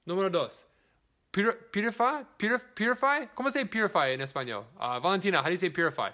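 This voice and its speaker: A man's voice: high-pitched, expressive, fast talker, pushed and bright. Chatty man doing a live demo. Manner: chatty, greets viewers by name, mixes in broken Spanish. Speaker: livestream product demonstrator. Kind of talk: casual live product demo.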